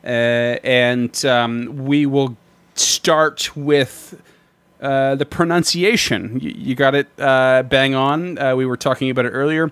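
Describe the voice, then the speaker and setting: A man's voice: mid-range voice, steady tone, slow pace, fairly bright tone, clean tone, no room sound. Hesitant male podcast co-host. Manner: hesitant, many fillers, laughs often. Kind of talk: casual chat.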